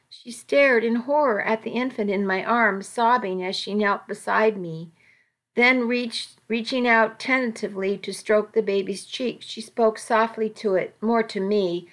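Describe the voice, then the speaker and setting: A woman narrating a novel in the first person, with a gentle, deliberate reading. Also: medium pitch, fairly even intonation. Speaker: audiobook narrator.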